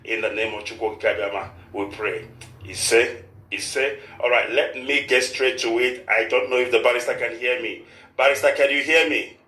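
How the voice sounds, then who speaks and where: A man's voice: medium pitch, moderate pace, pushed and bright, echoey room, poor audio. A man hosting a live radio show in a formal, repetitive manner, with a short prayer. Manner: formal, repeats "of course" often. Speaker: radio host.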